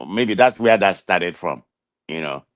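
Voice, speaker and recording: A man's voice: low voice, lively intonation, unhurried, no room sound, studio quality. A man with a thick Nigerian accent, defending himself emphatically in a casual talk show chat, often restarting his sentences. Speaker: guest.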